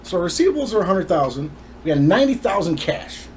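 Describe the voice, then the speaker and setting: A man's voice: sits high, big pitch swings, quick pace, slight background noise. A man telling his personal story to the camera in an emphatic, indignant way.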